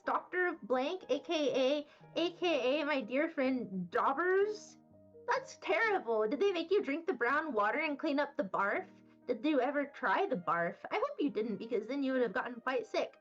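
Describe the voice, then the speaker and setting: High, lively young woman streamer. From Wyoming, USA. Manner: rambling, silly and playful. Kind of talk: casual chat, reading chat messages. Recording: slightly dull audio with faint background music.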